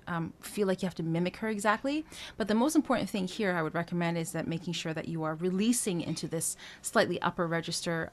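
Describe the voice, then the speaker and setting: Woman vocal coach explaining singing technique. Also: fairly low pitch. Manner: talks through points with frequent "um" and checks of "right?".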